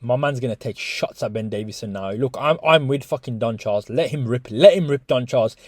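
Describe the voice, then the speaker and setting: A man's voice: medium pitch, a little fast, dry recording, studio quality. A man giving casual, swearing boxing reaction commentary to his viewers. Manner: swearing, animated, talks to viewers as guys. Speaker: boxing YouTuber.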